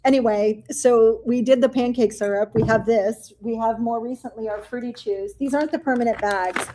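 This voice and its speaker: A woman who founded a candy company, telling stories in a casual chat in an animated way with lots of fillers. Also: on the high side, moderate pace.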